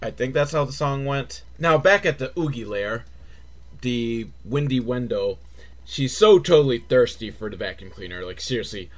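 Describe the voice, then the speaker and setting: A man recapping a movie as comedy, sarcastic and swearing, switching from flat muttering to shrill mock excitement. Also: normal speed. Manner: sarcastic, swears, mocking kid-show cheer. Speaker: movie reviewer.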